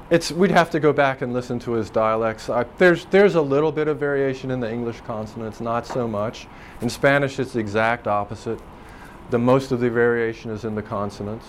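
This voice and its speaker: With a medium-pitched voice and a little hiss or hum in the recording, a man teaches linguistics. He's a language professor working through dialect differences in a rambling, thoughtful lecture full of ums and restarts.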